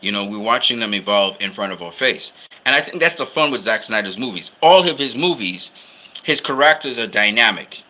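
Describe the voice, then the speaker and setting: A man's voice: on the low side, animated, a little fast, bright, forceful tone, a little hiss or hum. A man talking casually about films he loves, in an enthusiastic, rambling way. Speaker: film fan commentator. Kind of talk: casual film commentary.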